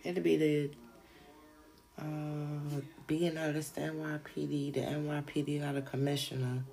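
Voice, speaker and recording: A woman's voice: low voice, level tone, a little slow, creaky, mellow, faint music behind. A woman hosting a podcast, chatting casually about crime-show gossip in a slangy, profane way with frequent asides to her listeners. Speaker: podcast host.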